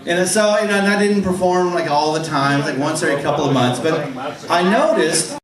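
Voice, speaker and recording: Speaking a little high and fairly quickly, this animated man hosts an open mic comedy night, telling a rambling, self-deprecating story full of restarts. Crowd noise is audible, and the stand-up set is captured on a distant mic in an echoey club room with a faint hum.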